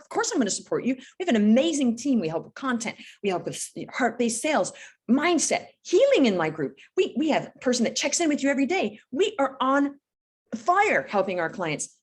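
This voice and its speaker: A woman in her fifties speaks as a guest on an interview podcast, coaching with energy and emphasis. Her fairly high voice swoops up and down with lively intonation as she pushes each point home. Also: fairly quick, husky. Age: 50s. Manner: energetic, emphatic, animated storytelling.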